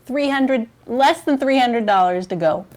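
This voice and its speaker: A woman's voice: a little high, animated, a little slow, a little mellow. A woman hosting a charity livestream from her home kitchen, chatting casually in a rambling, giggly, self-mocking way on a lavalier mic. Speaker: charity stream host.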